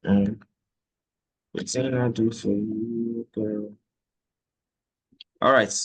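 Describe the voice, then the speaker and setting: Male trading instructor, low voice, chatty, repeats himself, checks in often. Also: fairly even intonation, extremely slow, creaky, breathy edge, dull audio. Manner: conversational, repeats points, checks in with "okay?". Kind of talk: live trading lesson.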